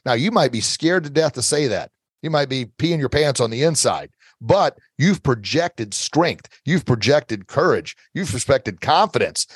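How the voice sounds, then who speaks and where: A man's voice: medium pitch, lively intonation, a little slow, husky, dry recording. A middle-aged man giving earnest, motivational self-defense advice as an interview guest, coaching listeners and repeating his key phrases.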